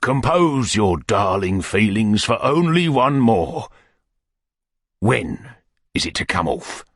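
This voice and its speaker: A man voicing a pompous, amorous middle-aged parish beadle who woos in courtly, wheedling tones that sink to soft murmurs. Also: fairly low pitch, big pitch swings, takes it slowly, slightly rough, no echo, clean studio sound, pitched above the performer's own voice, full character voice. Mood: rapturous.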